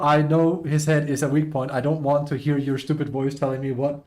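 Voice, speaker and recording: Excitable male streamer, slightly high voice. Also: fairly quick. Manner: excitable, laughs often, swears casually. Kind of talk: casual live-stream commentary, reading posts aloud.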